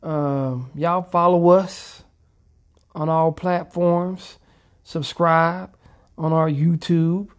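A woman's voice: deep voice, fairly even intonation, drawn-out words. A woman co-hosting a casual podcast, talking in a laid-back, slangy way. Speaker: podcast co-host.

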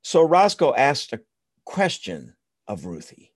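Slow soothing male bedtime storyteller. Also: lowish voice, no room sound, clean studio sound. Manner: soothing, expressive.

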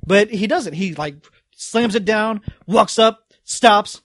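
A man's voice: high voice, unhurried, hardly any pauses, a bit bright, no echo, clean studio sound. A man as a podcast guest, playful in casual chat, acting out scenes as he talks. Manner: playful, acts out scenes in funny voices.

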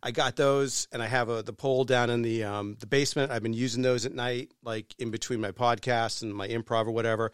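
A man's voice: mid-range voice, fairly even intonation, a little fast, hardly any pauses, clean tone, dry recording. Guy on a podcast telling a wild story, swears a lot, pretty dry sound. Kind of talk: casual storytelling chat.

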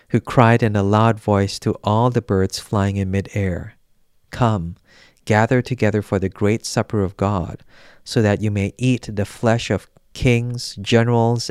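A man reading scripture aloud in a measured, solemn, unhurried way. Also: lowish voice, steady tone, darkish tone, smooth, dry recording, clean studio sound. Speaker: scripture reader.

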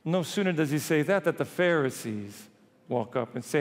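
A man preaching a sermon as a priest, retelling scripture in lively everyday voices. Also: fairly high pitch, moderate pace, in a large hall.

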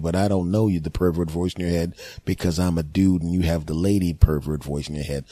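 A man hosting a solo comedy podcast, telling stories in an animated, mock-outraged way and jumping into quick put-on voices. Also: mid-range voice, gravelly, no echo. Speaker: podcast host.

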